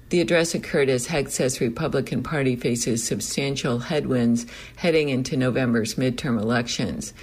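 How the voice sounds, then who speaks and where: A man reading a news report aloud in a steady, measured delivery. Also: medium pitch. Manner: steady, measured read with a self-correction. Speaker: news reader.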